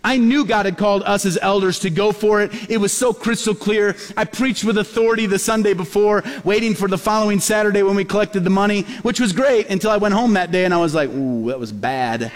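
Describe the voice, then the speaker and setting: A male pastor preaching a sermon in a church, telling stories in a lively way and acting out the voices of the people in them. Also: high-pitched, quick pace, few pauses. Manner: lively storyteller who acts out quoted voices. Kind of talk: storytelling sermon. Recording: long hall reverb.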